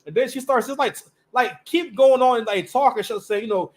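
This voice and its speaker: A man with a fairly high voice tells his own stories on a live stream. He talks loosely, starting over often and dropping slang as he goes. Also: fairly quick, hardly any pauses. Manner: loose, rambling, full of restarts and slang. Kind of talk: casual storytelling monologue.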